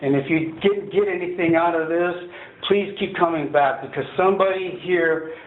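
A man tells his recovery story at a meeting in a high, gravelly voice, swearing freely and checking in with his listeners again and again. The sound is tinny and phone-like, with the echo of a hall around him. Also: moderate pace. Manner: animated, swearing, storytelling with repeated "right?". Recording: echoey hall over a tinny phone-like line.

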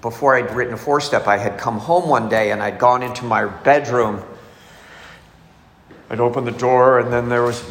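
A middle-aged man tells his personal story in a candid, confessional tone. His voice sits at an ordinary pitch and rings through a large echoing hall with a long tail. Faint room noise sits underneath. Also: a bit bright. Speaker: recovery speaker. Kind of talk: personal testimony talk.

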